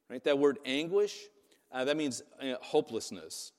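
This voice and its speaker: A man's voice: mid-range voice, animated, moderate pace, long reverb tail. A man preaching a sermon in a casual, conversational way, often asking "right?" to his listeners. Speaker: pastor.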